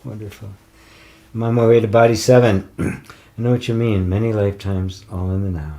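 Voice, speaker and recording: A man's voice: on the low side, fairly even intonation, brisk, dark tone. An older man in casual chat, rambling with fillers, restarts and frequent chuckles as he reads viewer comments. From United States. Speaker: spiritual teacher.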